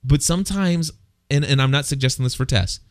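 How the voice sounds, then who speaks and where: A man's voice: medium pitch, a little fast, dry recording, studio quality. A man co-hosting a casual faith talk, speaking earnestly and often repeating words as he thinks. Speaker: co-host.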